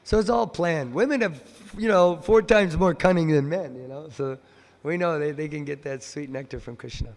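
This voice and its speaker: A man's voice: fairly high pitch, moderate pace. Man telling devotional stories in a temple hall. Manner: animated storyteller who acts out the voices in his stories. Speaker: visiting speaker at a temple. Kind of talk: devotional lecture with storytelling. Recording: long temple hall reverb.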